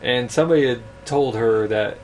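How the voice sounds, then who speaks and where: A man's voice: medium pitch, normal speed, a little hiss or hum. A man in a casual chat, laid back and swearing freely as he recalls a shared workplace moment. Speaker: co-host, former coworker.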